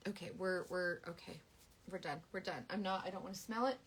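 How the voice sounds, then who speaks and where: A woman in her thirties chats casually and dramatically, her voice bright and forceful. She talks with big swings of feeling. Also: fairly low pitch, a little fast, slightly rough. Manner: animated, dramatic, Southern US sayings. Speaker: beauty seller on a live stream. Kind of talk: casual chat.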